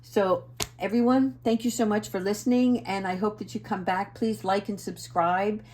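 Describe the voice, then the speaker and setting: A woman giving a casual spiritual oracle card reading to her viewers, earnest and gentle, often checking in with "right?" and sometimes assertive. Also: mid-range voice, steady tone, normal speed, a little hiss or hum.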